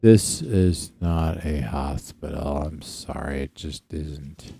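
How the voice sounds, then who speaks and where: Speaking slowly in a very deep, warm voice, this Saskatchewan man offers casual commentary while streaming live gameplay. He's blunt, curses without restraint, and talks to his dog between moves.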